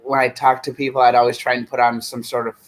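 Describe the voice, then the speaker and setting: Man, 30s, relaxed streamer host, loose chatty delivery, medium voice. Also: medium pitch, rough recording. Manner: rambling, easygoing, slow when reading names aloud. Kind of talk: casual live-stream chat.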